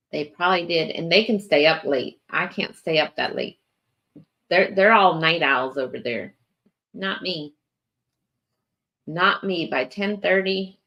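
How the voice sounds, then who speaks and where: Her low-pitched voice carries a slight brightness. She's a weary host on a morning livestream, chatting loosely with her viewers, stretching out her words, yawning, and leaning on fillers.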